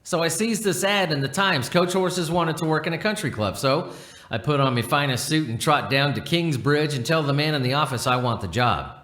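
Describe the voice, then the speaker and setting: A man's voice: on the high side, moderate pace, a bit bright, lightly acted. A man voicing a proud, chatty working-class male coach horse in a roomy room, reading the lines without a put-on accent. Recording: roomy echo.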